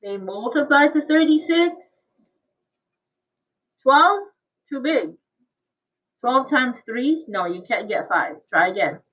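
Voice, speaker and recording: Teaching math online, this woman laughs a lot while she coaxes and quizzes her students, heard through a video call with tinny, phone-like sound. Her high voice is expressive and fairly bright, and she speaks slowly with long pauses.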